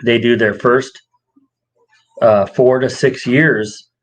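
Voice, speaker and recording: In poor-quality audio, a man co-hosting a relaxed podcast speaks slowly. An animated storyteller, he acts out quoted voices with real energy, pushing his pitch upward.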